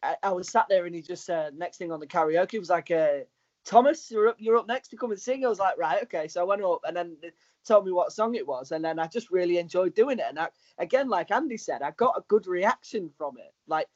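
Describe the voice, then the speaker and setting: Chatty young guy, high voice. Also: fast, no echo. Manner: rambling, chatty storytelling. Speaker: podcast co-host. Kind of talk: casual chat. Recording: slightly dull lo-fi sound.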